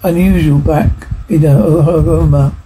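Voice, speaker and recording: Brief: man voicing a sheltered young girl, hesitant, somewhat high, background hiss. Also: fairly even intonation, measured pace. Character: young woman, sheltered and naive. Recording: noisy home recording.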